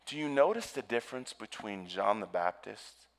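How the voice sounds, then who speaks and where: A man's voice: lowish voice, expressive. Man preaching with big swings in volume. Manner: preaching with wide swings from loud to hushed; slows and stretches words for emphasis. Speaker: pastor. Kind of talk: sermon.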